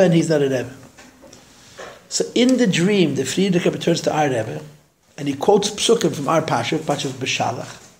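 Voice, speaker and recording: A man teaching a class, telling a story in an animated way and raising his voice when he quotes people, often repeating words as he thinks. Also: on the high side, fairly quick, a little hiss or hum. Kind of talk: storytelling lecture.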